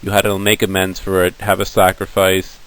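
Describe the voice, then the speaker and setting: A male teacher lectures his class in a relaxed, conversational way, telling stories with plenty of asides. His voice sits fairly low. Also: fairly quick, smooth, low-quality recording. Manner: casual, conversational storytelling.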